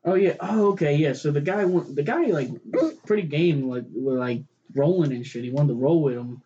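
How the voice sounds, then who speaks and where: A man's voice: on the high side, moderate pace, warm tone, dull audio. A man co-hosting a casual fight talk podcast, rambling and swearing as he restarts his sentences. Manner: rambling, profane, restarts often. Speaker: podcast co-host. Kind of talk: casual chat about fights.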